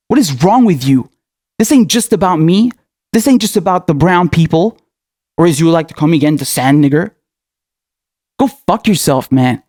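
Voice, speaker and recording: A man's voice: high-pitched, a little mellow, dry recording, studio quality. A young man giving an angry political rant as a commentator, furious and profane, hurling insults. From Middle East.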